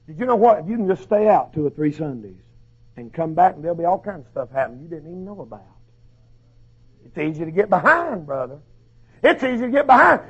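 Hoarse, fiery preacher man. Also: very high-pitched. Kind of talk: sermon. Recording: dull lo-fi recording.

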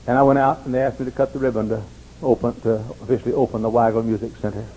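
An older pastor tells stories in a sermon, speaking very fast on a rough recording with slight background noise. He's an animated storyteller who acts out quoted voices in high tones.

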